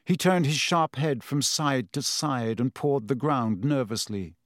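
Slow, measured male audiobook narrator. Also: mid-range voice, no room sound, studio quality. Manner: measured, steady storytelling. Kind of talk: scripted narration.

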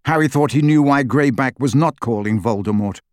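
A man narrating a fantasy audiobook in a dramatic, expressive reading. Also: mid-range voice, moderate pace, smooth, no echo, studio quality.

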